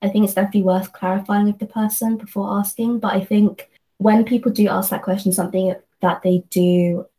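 Woman, earnest, reflective, thinks aloud, restarts often, level narrow pitch. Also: fairly even intonation, brisk, warm tone. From London, England. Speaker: guest, company associate. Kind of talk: reflective conversational discussion.

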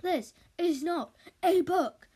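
A woman voicing a loud, bossy male movie director who barks his lines. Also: sits high, expressive, normal speed. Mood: barking. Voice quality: barking, shouted delivery.

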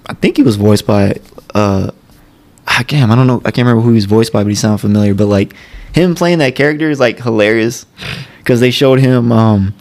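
Man, gravelly voice, casual podcast co-host, rambling, animated storytelling. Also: medium pitch, fairly quick. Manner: rambling, animated retelling of scenes with put-on quotes. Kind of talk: casual chat.

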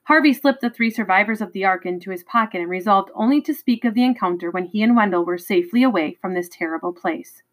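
A woman reading a novel chapter aloud, expressive and dramatic, with occasional stumbles. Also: mid-range voice, poor audio. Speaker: reader.

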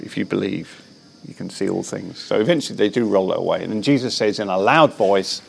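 A man preaching his faith in an interview, earnest and animated, with frequent restarts. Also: low voice, a little fast, gravelly, husky. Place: Belfast.

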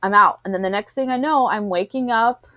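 Brief: woman storyteller, lively, quotes others, dry close mic. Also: medium pitch, brisk, no room sound, highs cut off. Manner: animated storyteller, acts out what others said. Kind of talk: casual chat, personal birth story.

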